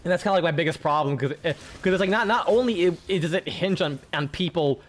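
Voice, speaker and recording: A man's voice: fairly high pitch, quick pace. A young man streaming a game and chatting casually, rambling with frequent restarts and plenty of swearing. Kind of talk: casual gaming chat.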